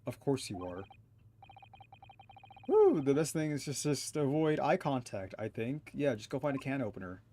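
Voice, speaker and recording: A male streamer chatting casually over a video game. He is sarcastic and swears freely, and his pitch is animated and expressive. Faint noise hums in the background. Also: moderate pace. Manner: profane, sarcastic. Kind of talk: casual gaming commentary.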